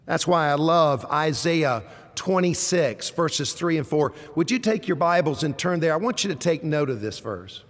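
A man's voice: a little high, animated, moderate pace, few pauses, in a large hall. A man preaching a sermon to a congregation, asking rhetorical questions and rising into emphatic repeated words. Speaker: pastor.

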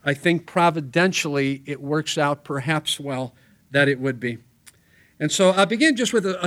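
A man's voice: on the high side, fairly bright tone. A middle-aged man preaching a sermon in a chapel, conversational and storytelling with wry asides.

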